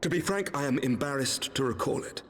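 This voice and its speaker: A man's voice: medium pitch, brisk, close to an everyday voice. A man voicing a solemn young knight commander. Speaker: game character voice. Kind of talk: video game voice acting. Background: game music.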